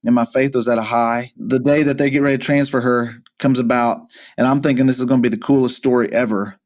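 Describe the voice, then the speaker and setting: A pastor being interviewed, earnestly recounting a hard personal story, often halting and repeating words as he goes. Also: medium pitch, steady tone, a little mellow. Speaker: pastor, podcast guest.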